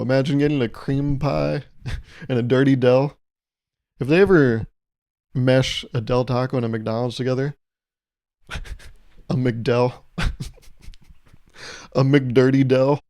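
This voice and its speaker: A man's voice: mid-range voice, fairly even intonation, takes it slowly, pauses often, warm tone. A man hosting a solo comedy podcast, rambling through stories in a self-mocking way and laughing often. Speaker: podcast host.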